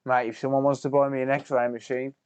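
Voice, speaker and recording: While soldering on a live stream, a man in his 30s banters casually with viewers and swears under his breath as he does repair work. He speaks fairly quickly at a medium pitch with little pitch movement, and his tone is darkish, clear, and resonant, with no room sound.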